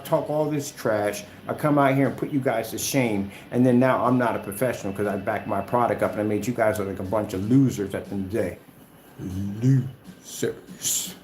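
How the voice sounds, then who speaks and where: A man's voice: medium pitch, a little mellow, slight background noise. Combative man ranting in an echoey room. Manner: combative, trash-talking, repetitive. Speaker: screen paint maker and vlogger. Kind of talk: off-the-cuff ranting vlog.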